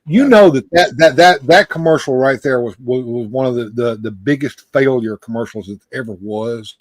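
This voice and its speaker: A man hosting a late-night live stream, talking animatedly and repeating words when he gets excited. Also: medium pitch, moderate pace, dry recording. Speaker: host.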